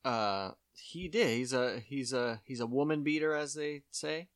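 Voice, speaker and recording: A man's voice: mid-range voice, a little slow, no room sound. Young guy cohosting a comedy podcast, rambly, laughs a lot, dry close sound. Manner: rambling, laughs often, trails off mid-sentence. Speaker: podcast co-host. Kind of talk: casual comedic banter.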